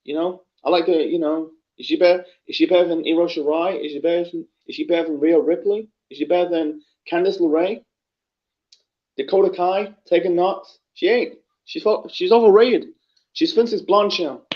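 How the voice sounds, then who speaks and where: A man talks through a casual review in a high, rambling voice, tripping over his words and dropping frequent swears. The recording is muffled and lo-fi. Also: steady tone, moderate pace. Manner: rambling, profane, frequent fillers and restarts. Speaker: wrestling reviewer. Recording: dull lo-fi recording.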